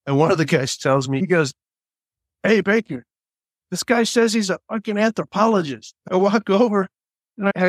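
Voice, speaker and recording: Middle-aged man, guest storyteller, relaxed and chatty, mid-range voice, dry close recording. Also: mid-range voice, no room sound. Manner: laid-back, laughs often, many fillers. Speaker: guest, former border patrol agent. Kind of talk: casual storytelling.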